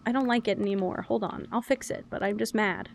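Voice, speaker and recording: Young woman, streamer, chatty, casual, mid-pitched. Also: fairly quick, vocal fry, a little hiss or hum. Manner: chatty, animated, self-described loud and yappy. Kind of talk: casual chat while gaming.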